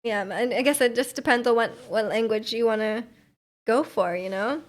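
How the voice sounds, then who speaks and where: Higher-voiced young woman streamer, rambling. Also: moderate pace. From North America. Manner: rambling, filler-heavy, giggly. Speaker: livestream host. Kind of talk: casual stream chat.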